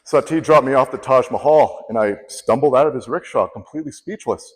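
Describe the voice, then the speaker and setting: A man's voice: medium pitch, brisk, husky. A man giving a humorous storytelling speech, acting out the people he quotes. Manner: animated, acts out quoted people. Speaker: contest speaker. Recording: long hall reverb.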